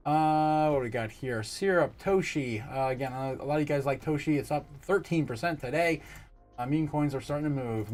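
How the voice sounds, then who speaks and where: A man hosting a casual livestream, chatting and reading viewer comments aloud in an excitable, laughing way. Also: medium pitch. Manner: chatty and excitable, quick laughs and bursts of loudness. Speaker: livestream host.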